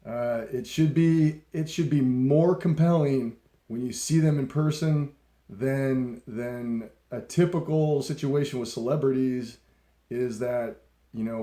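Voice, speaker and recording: A middle-aged man hosts his own talk show and tells stories in a loose, laid-back way, swearing freely and laughing often. His voice is warm and mellow. The recording has the roomy echo of an untreated room. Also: mid-range voice. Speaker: podcast host. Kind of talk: casual storytelling.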